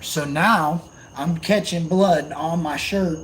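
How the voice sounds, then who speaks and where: A young man, telling stories on a live stream in an animated, profane way with loud outbursts. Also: a little high, measured pace. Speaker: channel host on a live stream. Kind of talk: casual storytelling on a live stream. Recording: faint insect and cricket noise behind.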